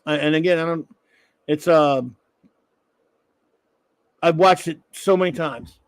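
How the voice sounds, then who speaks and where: A man's voice: fairly high pitch, fairly even intonation, unhurried, clean tone, no echo. A middle-aged man hosting a live stream, rambling and joking as he answers chat comments. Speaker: live-stream show host.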